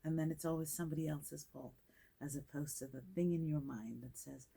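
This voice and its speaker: Low-voiced older woman with a Caribbean British lilt. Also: fairly even intonation, gravelly, dark tone, breathy edge. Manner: measured, acts out quoted voices. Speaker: guest actress. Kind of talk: reflective interview talk.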